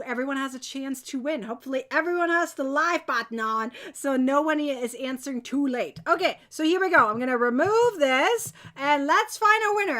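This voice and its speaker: A woman hosting a live crochet giveaway stream, chatting to viewers and cheering on winners. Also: high voice. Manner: bubbly, cheering, quick bursts of excitement. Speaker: crochet channel host running a giveaway.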